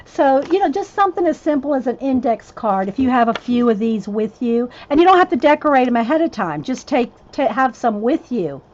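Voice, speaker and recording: A woman's voice: sits high, very animated, fairly quick, hardly any pauses, highs cut off. A woman, chatting casually with live-stream viewers at home, a little out of breath, greeting them by name. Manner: chatty, addresses viewers by name, drawls "y'all". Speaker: host of a craft live stream.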